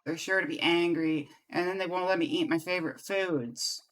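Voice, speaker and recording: Man putting on a high, teary little village kid. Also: expressive, rapid-fire, bright, forceful tone, soft background music, exaggerated voice. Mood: tearful. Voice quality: high, pleading child voice. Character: tearful young village child, timid and earnest. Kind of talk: reading game dialogue aloud.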